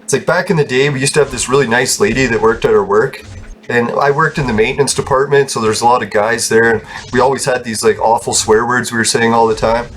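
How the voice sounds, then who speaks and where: A man's voice: medium pitch, fairly even intonation, quick pace, fairly bright tone, a little hiss or hum. A man hosting a gaming channel, rambling through casual gameplay commentary, laughing often and swearing freely.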